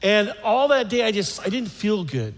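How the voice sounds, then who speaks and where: A man's voice: sits high, big pitch swings, moderate pace, long reverb tail. A middle-aged American man telling a stand-up story. He rambles, mocks himself, repeats his phrases and acts out the sounds. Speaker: stand-up comedian.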